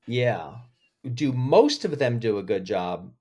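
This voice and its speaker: A man speaking as a podcast guest, telling stories with feeling and lively emotion in an interview. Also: mid-range voice, takes it slowly. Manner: emotional, animated storyteller. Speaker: podcast guest, agency head. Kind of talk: interview conversation.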